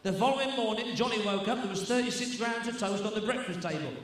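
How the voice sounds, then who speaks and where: An actor playing a bawdy old-school variety comedian, telling jokes to a live theatre audience. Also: male voice, sits high, fast talker, lightly acted. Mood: cheeky. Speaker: stand-up comedian character on stage. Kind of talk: stage play performance of a comedy act. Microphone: distant camera mic. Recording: echoey theatre from far off with hum.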